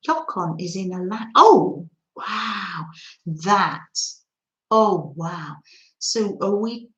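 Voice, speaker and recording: A woman's voice: mid-range voice, lively intonation, extremely slow, fairly bright tone, reverberant, muffled recording. A woman hosting a chatty craft livestream, reading out and answering viewer comments and laughing often. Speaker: livestream host.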